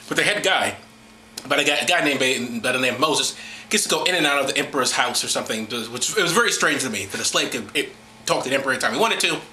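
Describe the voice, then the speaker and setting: A man's voice: mid-range voice, lively intonation, quick pace, pushed and bright, echoey room, slight background noise. A man hosting a casual, irreverent talk, rambling, laughing and mocking as he goes. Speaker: host.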